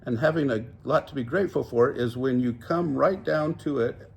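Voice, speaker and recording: A man's voice: mid-range voice, vocal fry, a little hiss or hum, lightly acted. An older man voicing a tiny, timid male piglet who talks nervously in a rush. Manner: rushed and nervous.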